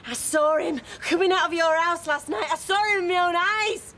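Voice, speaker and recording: A drunk jealous woman, sarcastic, shouty, high bright voice. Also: normal speed, a little hiss or hum. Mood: angry. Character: drunk jealous young woman accusing her man. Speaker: actor in a television soap. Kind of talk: television soap drama.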